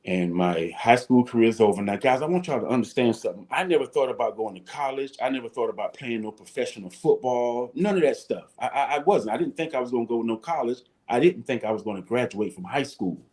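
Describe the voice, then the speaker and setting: Brief: man, fifties, lively raconteur acting out coaches, mid-pitched. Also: fast, few pauses. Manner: animated storyteller, acts out his coaches and shouts. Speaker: guest, former football player. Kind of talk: storytelling in a talk-show interview.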